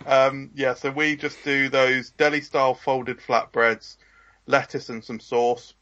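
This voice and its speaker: A man co-hosting a podcast, chatting casually in a relaxed, offhand way with dry jokes. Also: mid-range voice, a little slow. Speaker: podcast co-host. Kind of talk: casual chat. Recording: dull lo-fi podcast audio.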